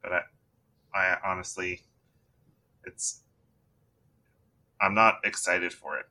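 A man hosting a casual tabletop gaming podcast, talking in a relaxed, rambling way with many fillers. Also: sits low, slow pace, creaky. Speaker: podcast host. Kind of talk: casual chat.

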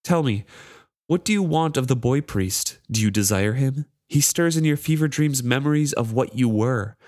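A man's voice: medium pitch, lively intonation, normal speed, a little mellow, dry recording, studio quality, voice pushed up, lightly acted. A man voicing a cruel, mocking wooden charm that taunts a pirate captain, in a raised, sneering voice.

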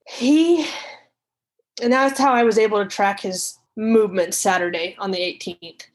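Halting woman telling a personal story. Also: medium pitch, poor audio. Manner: halting, restarts and repeats, candid. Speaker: storyteller recounting her past.

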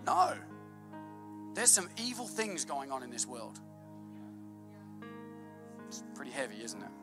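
A man preaching a sermon to his congregation, swinging between hushed asides and loud, fervent peaks. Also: mid-range voice, sing-song, a little slow, music in the background. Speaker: pastor.

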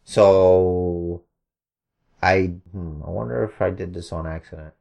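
A male podcast co-host with a notably deep, low voice. He rambles through casual explanations, sprinkling in curse words. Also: steady tone, slow, creaky, a little mellow. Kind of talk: fantasy wrestling booking podcast.

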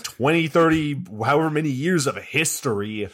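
A man's voice: on the high side, lively intonation, normal speed. A man co-hosting a podcast, giving a rambling, frustrated critique of a movie in casual chat. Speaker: podcast co-host.

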